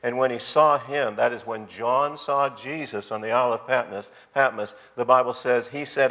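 Man, preacher, sermon, emphatic, mid-pitched, long hall reverb. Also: fairly even intonation, moderate pace, few pauses, pushed and bright. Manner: emphatic, addresses the congregation directly.

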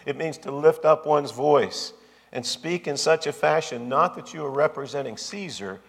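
Gravelly preacher in a big reverberant hall. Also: male voice, on the high side, normal speed. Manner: emphatic, repetitive preaching cadence. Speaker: pastor. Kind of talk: sermon.

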